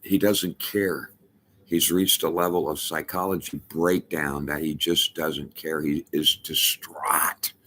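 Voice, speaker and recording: A middle-aged man telling a personal story as testimony, halting and emphatic with many restarts. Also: rumbling low, steady tone, bright, forceful tone. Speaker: storyteller addressing a rabbi.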